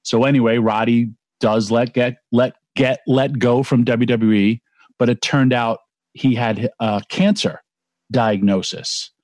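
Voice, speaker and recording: A man's voice: medium pitch, fairly even intonation, measured pace, darkish tone, no echo. A man in his forties casually telling a long, emotional anecdote, rambling with restarts and acting out other people's voices.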